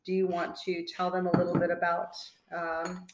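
A woman's voice: fairly low pitch, completely flat delivery, slight background noise. Dry-witted woman in echoey room. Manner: dry, teasing, quick to correct. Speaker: podcast co-host. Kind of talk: casual chat over wine tasting.

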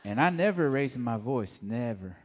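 A man giving a mellow, soft-spoken personal testimony at church. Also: mid-range voice, expressive, normal speed, in a large hall. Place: church sanctuary.

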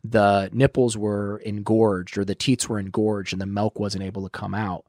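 Profane, rambling man with a low voice. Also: normal speed, no room sound, clean studio sound. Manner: rambling, profane, animated when quoting others. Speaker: guest in recovery. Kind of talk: candid storytelling interview.

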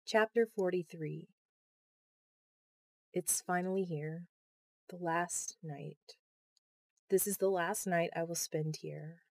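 A woman narrating a novel in a measured, even reading voice. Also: lowish voice, creaky, no room sound, clean studio sound. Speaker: audiobook narrator. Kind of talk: audiobook narration.

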